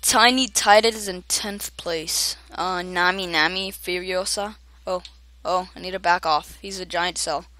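A young woman giving excited gameplay commentary, often shouting at other players and laughing. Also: on the low side, measured pace, hardly any pauses, dry recording. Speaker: gamer.

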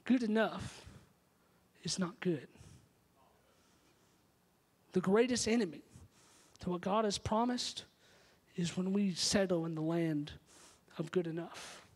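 Male pastor with a high voice, emphatic storytelling sermon in a church sanctuary. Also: slow, long pauses, breathy edge.

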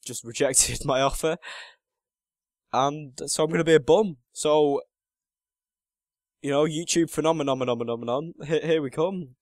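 A man's voice: mid-range voice, no room sound. A man in his late teens giving casual, self-mocking commentary while playing a game, muttering to himself between remarks. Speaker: gaming channel host.

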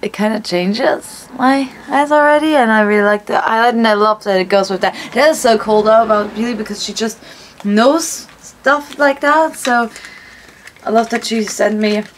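A woman's voice: a little high, moderate pace, a little hiss or hum. A young woman vlogger talking casually as she opens presents, chatty and gushing. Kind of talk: casual unboxing vlog.

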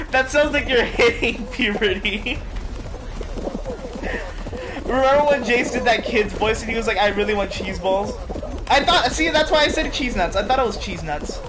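Teasing game streamer with lively pitch. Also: normal speed, heavy background noise. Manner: teasing, laughing. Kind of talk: casual chat with friends while gaming. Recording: game music in the background.

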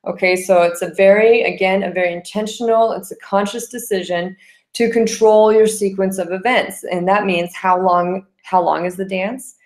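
A woman's voice: mid-range voice, fairly even intonation, normal speed, a little mellow. A woman teaching a dance class, explaining terms with frequent "okay?" checks and counting out rhythms aloud. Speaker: dance instructor. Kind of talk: classroom lecture.

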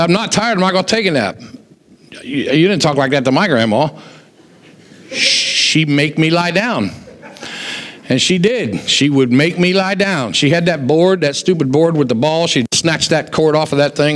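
A pastor preaching a sermon, telling stories and acting out the voices of the people in them. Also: male voice, fairly high pitch, normal speed. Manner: animated storyteller, acts out quoted voices. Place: church sanctuary. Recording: long hall reverb in a church.

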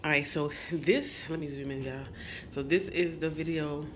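A woman's voice: deep voice, steady tone, moderate pace, background noise. A woman in her forties, a mother of two, casually chatting to her viewers in a home vlog, easygoing and full of y'alls and ums.

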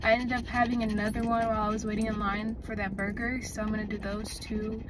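A woman's voice: medium pitch, level tone, fast talker, background noise. A young woman chatting casually and animatedly to her viewers as a vlogger, talking from a parked car with her dog panting nearby. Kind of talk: casual vlog chat. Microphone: camera in the car.

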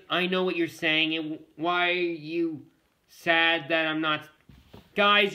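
A male vlogger with a high voice talks straight to his viewers in a loose, rambling way. He circles back over the same points again and again. His tone is strikingly bright and sharp. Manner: rambling and repetitive, often addressing the viewers. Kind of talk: casual talk to camera.

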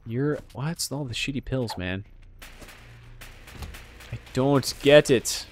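A man's voice: medium pitch, slow, slight background noise. A man giving casual, rambling gameplay commentary, joking at his own expense and making sound effects. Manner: rambling, self-mocking, sound effects and joke impressions. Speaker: let's play commentator.

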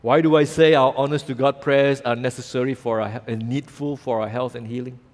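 A man with a Malaysian English accent preaching a sermon as pastor, telling the story with animated acted-out voices. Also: mid-range voice, a little fast. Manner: animated storytelling, acting out voices in quoted lines. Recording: long reverb of a church hall.

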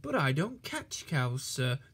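A guy voicing a friendly little train engine, soft and polite, kinda sorry. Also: medium pitch, very animated, takes it slowly, husky, heavily acted. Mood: apologetic. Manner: polite and apologetic.

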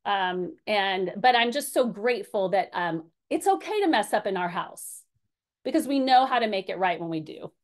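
A woman's voice: medium pitch, lively intonation, normal speed. A woman in her forties leading a parenting class Q&A, candid and story-driven, with many fillers and restarts. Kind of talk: teaching a group Q&A.

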